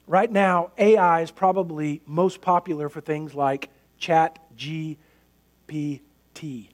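A male pastor preaching a sermon in an earnest, emphatic way, building points through repetition. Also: sits high.

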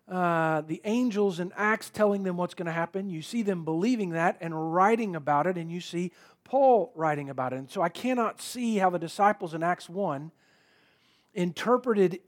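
A man preaching a sermon, reading scripture aloud and asking rhetorical questions with earnest emphasis. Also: high-pitched.

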